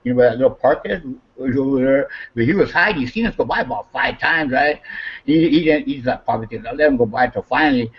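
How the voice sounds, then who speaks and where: Man, casual storytelling, swears a lot, husky, muffled lo-fi sound. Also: medium pitch, quick pace. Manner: animated, swears a lot, acts out quotes with raised voice.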